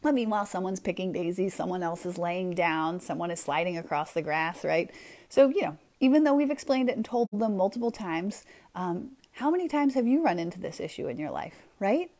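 A woman hosting a podcast, telling a story in a chatty, animated way with lots of fillers. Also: lowish voice, fairly quick. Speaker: podcast host. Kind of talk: casual motivational talk.

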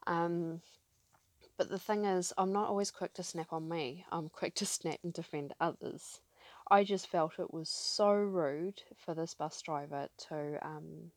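A woman's voice: medium pitch, darkish tone, no room sound. A woman hosting her own podcast, telling a personal story in a candid, emphatic, casual way. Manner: candid and emphatic, with frequent fillers. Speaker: podcast host.

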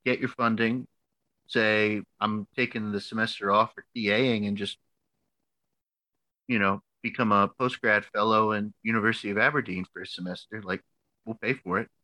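A man's voice: on the low side, fairly even intonation, sharp tone, no room sound, rough recording. A man putting on a blunt British advisor. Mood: persuasive. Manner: slow, emphatic, swearing lecture.

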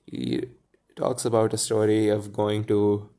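A man's voice: lowish voice, monotone, a little slow, mellow. A man reading a story aloud and breaking off into musing commentary. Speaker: reader and commentator.

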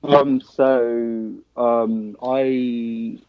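A man's voice: medium pitch, very slow, dry recording, phone-quality sound. A young man from Nigeria, a band's drummer, chatting casually in an interview and often saying "um" and "man". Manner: relaxed, filler-heavy, says man and dude. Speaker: band drummer.

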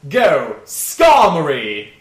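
A man's voice: on the high side, huge pitch swings, extremely slow, reverberant, full character voice. A man voicing a flamboyant purple-haired trainer who speaks in a grand, affected way for a tabletop game. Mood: theatrical.

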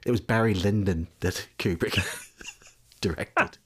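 Male host, lowish voice, husky tone, casual chat, easy laughter. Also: unhurried, a bit bright. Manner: steers talk back to the topic, easy laughter.

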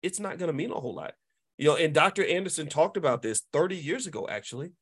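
A middle-aged man hosting a casual commentary monologue, emphatic and repetitive, often asking "right?" and jumping into high voices to mimic people. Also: lively intonation, fast talker, fairly bright tone, slightly rough. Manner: emphatic, repetitive, tag questions. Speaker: host.

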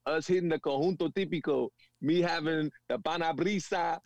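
A man from a Panamanian family in the US, telling stories in a casual conversation with animated slang. He often asks "you know what I'm saying". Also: a little high, normal speed, dull audio. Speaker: guest.

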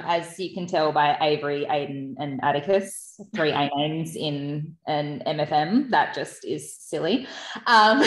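A woman's voice: lowish voice, reverberant. A woman author chatting casually about her book, rambling with lots of fillers and laughing often. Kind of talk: casual podcast chat.

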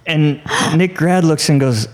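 A man, a screenwriter and TV producer, telling a lively anecdote as a podcast guest, with many restarts. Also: on the low side, moderate pace. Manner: animated storyteller, restarts and fillers.

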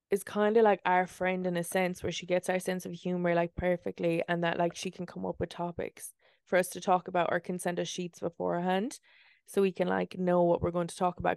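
She's a podcast co-host with a lowish, gravelly voice and a fry at the ends of her words, chatting and rambling with plenty of swearing and filler. The sound is dry and close, with no room around it. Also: a little mellow, dry recording. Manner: chatty and profane, rambling storytelling with many fillers. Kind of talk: casual chat. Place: in bed in a room.

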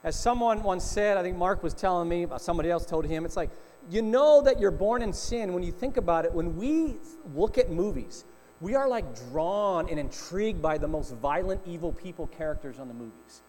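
A man with a notably high voice preaches to his congregation, telling a story in an easy, conversational way and often checking in with his listeners. His voice rings out with a long reverb, as if he stands in a large hall, and a faint electrical hum sits beneath it. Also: expressive, a little fast, darkish tone. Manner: storytelling, conversational with frequent "right?" asides. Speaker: pastor. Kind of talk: sermon.

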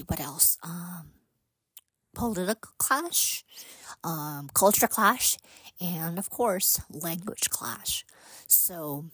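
A woman hosting a casual solo podcast, speaking softly and haltingly with many fillers and whispered asides. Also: on the low side, husky, no echo. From United States. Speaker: podcast host.

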